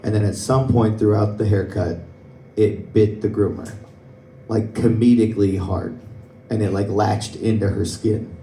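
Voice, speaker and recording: A man's voice: on the low side, fairly even intonation, a little slow, dark tone, a little hiss or hum. Young man, stand-up comic, storytelling, laughs at own jokes, faint club ambience. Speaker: stand-up comedian. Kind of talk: stand-up comedy set. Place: comedy club stage. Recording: roomy club sound, mic from a distance.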